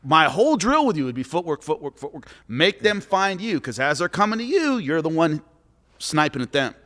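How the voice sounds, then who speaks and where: A man, a former fighter and commentator, giving coaching advice and telling lively stories in a podcast chat, acting out what people said. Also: a little high, moderate pace. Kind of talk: animated storytelling in a podcast chat. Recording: long hall reverb.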